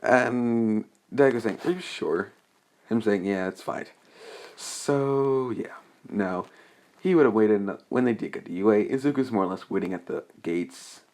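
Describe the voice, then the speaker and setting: Young man, low-ish voice, unscripted fan story recap, hesitant, rambling delivery. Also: a little slow, a little mellow. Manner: rambling and hesitant, many restarts and fillers.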